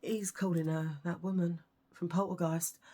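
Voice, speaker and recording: A woman's voice: lowish voice, flat delivery, normal speed, dark tone. A British woman vlogging, telling stories to camera in a chatty, ranting way with lots of asides. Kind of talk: casual storytelling to camera.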